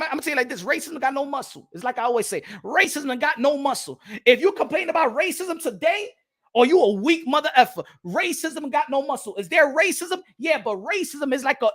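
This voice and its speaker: A Caribbean man with an extremely high, fairly bright voice hosts a boxing channel and rants bluntly to camera. He repeats himself, swears, and slips Spanish phrases into his English.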